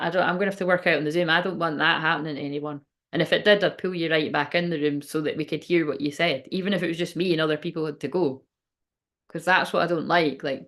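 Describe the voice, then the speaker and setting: A woman's voice: lowish voice, a bit bright. A woman hosting a spiritual channel, chatting casually on a livestream, rambling, swearing freely and breaking off mid-thought.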